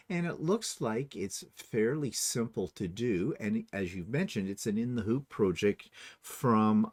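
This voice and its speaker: A man's voice: mid-range voice, a little mellow. A middle-aged man hosting a quilting show in casual chat, rambling a little and correcting himself as he goes. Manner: chatty, rambling, self-correcting. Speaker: host.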